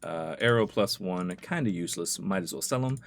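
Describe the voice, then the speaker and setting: A man's voice: deep voice, expressive, fairly quick, a little hiss or hum. A man giving casual, chatty commentary while playing a video game, with amused asides. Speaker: let's play host.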